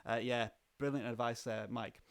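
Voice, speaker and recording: A man hosting a livestream interview, chatting enthusiastically with halting restarts. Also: medium pitch, steady tone, creaky. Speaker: livestream host. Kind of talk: casual interview chat.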